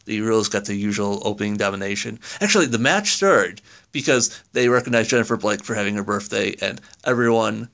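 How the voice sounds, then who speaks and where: A man's voice: lowish voice, brisk, creaky, a bit bright. A man co-hosting a casual chat, recapping hesitantly from his notes with many fillers. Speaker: podcast co-host.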